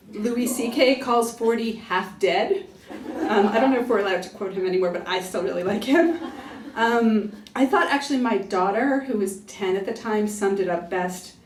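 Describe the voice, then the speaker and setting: A woman's voice: medium pitch, a little mellow. Woman in her forties, wry book talk, echoey room, heard from a distance. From United States. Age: 40s. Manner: chatty, self-deprecating, laughs often. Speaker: author giving a book talk. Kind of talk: public talk to a live audience. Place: library event room.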